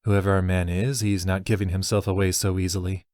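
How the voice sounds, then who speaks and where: A man voicing a sharp-witted young woman investigator who talks in a pointed way. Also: low-pitched, flat delivery, no echo, clean studio sound, close to an everyday voice. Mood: determined. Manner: pointed and quick to snap.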